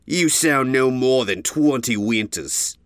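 A man's voice: medium pitch, animated, takes it slowly, fairly bright tone, no echo, clean studio sound, voice pushed up. A man voicing a stern, commanding gray stallion who leads a caravan, in a storybook reading.

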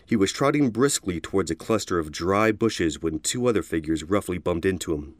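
A man giving an expressive storybook narration. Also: deep voice, normal speed, few pauses, no room sound, clean studio sound.

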